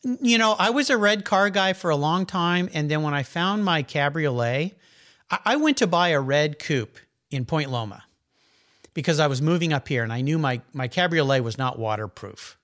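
A man's voice: fairly high pitch, moderate pace. Chatty middle-aged man telling stories. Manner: animated, chatty, rambling anecdotes. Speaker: guest, car enthusiast. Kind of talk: casual conversational storytelling.

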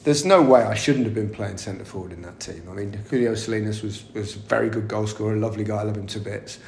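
Gravelly man telling anecdotes. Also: on the low side, quick pace, a little hiss or hum. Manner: chatty anecdotal, frequent laughs and restarts. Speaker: guest, former footballer. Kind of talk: casual interview storytelling. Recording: echoey room.

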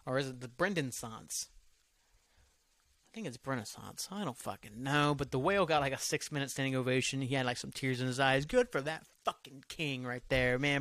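A man's voice: medium pitch, fairly bright tone, no echo. A man hosting a solo podcast, rambling from topic to topic in loose, profane talk that often trails off. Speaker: podcast host.

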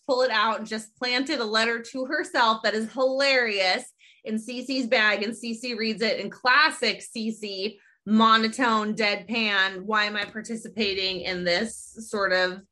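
Female podcast host, higher register, bright tone; lively, chatty episode recapper. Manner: lively storytelling, quick asides. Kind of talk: casual chat recapping a sitcom episode.

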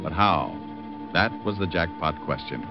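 A wisecracking private eye with a lively voice that swings up and down, full of dry, sarcastic quips. It comes through a dull, lo-fi old radio recording with music playing behind him. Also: male voice, low-pitched, unhurried. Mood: wry. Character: wisecracking private detective, adult man. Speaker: narrator and lead. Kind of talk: 1950s radio drama acting.

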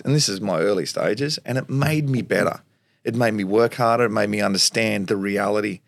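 Gravelly Australian man telling stories. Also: on the low side, fairly quick, dry recording. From Tasmania, Australia. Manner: animated storyteller, acts out quotes, laughs often. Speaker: guest, former footballer. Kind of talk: storytelling interview.

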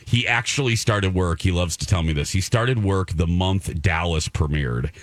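A man's voice: low voice, moderate pace, no room sound. A middle-aged man co-hosting a radio show, chatting casually and acting out people's lines as he tells his stories. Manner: animated storyteller, acting out quotes in a raised voice. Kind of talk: casual chat.

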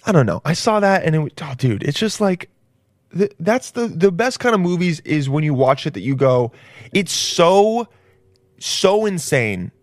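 A man with a voice on the high side and a darkish tone hosts a comedy podcast. In a casual monologue he rambles crudely and laughs at his own jokes, captured in a dry, studio-quality recording.

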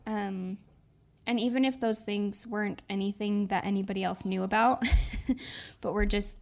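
Woman cohosting a podcast, earnest and reflective, lots of vocal fry. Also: mid-range voice, steady tone, normal speed. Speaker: podcast co-host. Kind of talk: casual heartfelt chat.

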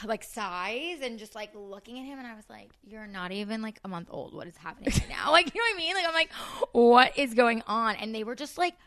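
A woman as a podcast guest, chatting casually and acting out quotes in animated stories. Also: a little high, fast talker, hardly any pauses. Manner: animated storyteller, acts out quotes. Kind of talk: casual chat.

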